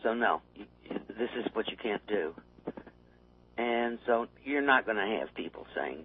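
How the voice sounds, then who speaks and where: A man chatting on a talk radio show, wry and quick to laugh at his own remarks. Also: on the low side, expressive, slight background noise. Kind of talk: casual political talk radio chat. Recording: tinny phone line.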